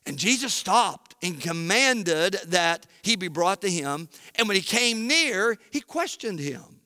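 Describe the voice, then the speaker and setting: A man pastor preaching an emphatic sermon, rising to shouts at key points, in a church sanctuary. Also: sits high, big pitch swings, slow pace, few pauses, no room sound, studio quality, in a large hall.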